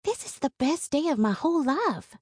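A woman's voice: high-pitched, sing-song, moderate pace, a little mellow, no echo, clean studio sound, pitched above the performer's own voice. A woman voicing a poor, sweet-natured young country girl who talks in an earnest, wide-eyed way. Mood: excited, joyful.

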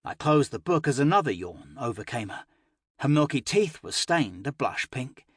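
Husky-voiced man narrating an audiobook. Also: medium pitch, normal speed, no echo, clean studio sound. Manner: expressive, emotional storytelling. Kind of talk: first-person audiobook narration.

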